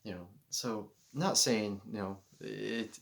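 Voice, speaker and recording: A man's voice: fairly low pitch, slow, vocal fry. A man vlogging spiritual thoughts to a handheld camera, talking in an earnest, rambling way full of "you know" fillers. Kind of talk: casual self-filmed monologue. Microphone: handheld camera mic.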